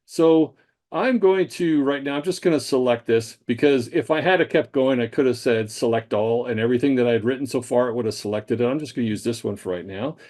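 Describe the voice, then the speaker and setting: A man in the middle of a live software training, speaking at a mid pitch with a dark, mellow tone. He explains things casually, pausing on fillers as he demonstrates features at his computer. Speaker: staff trainer.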